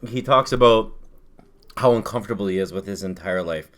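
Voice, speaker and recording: A man's voice: lowish voice, fairly quick, fairly bright tone. A man co-hosting a casual chat, rambling with lots of fillers and jokes. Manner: rambling, filler-heavy, joking. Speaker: podcast co-host.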